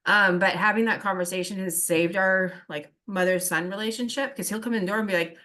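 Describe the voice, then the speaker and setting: A woman's voice: mid-range voice, steady tone, brisk, few pauses, pushed and bright. A middle-aged woman chatting on a group video call, rambling through stories and acting out the people in them. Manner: rambling storyteller, quotes people in dialogue. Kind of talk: casual chat.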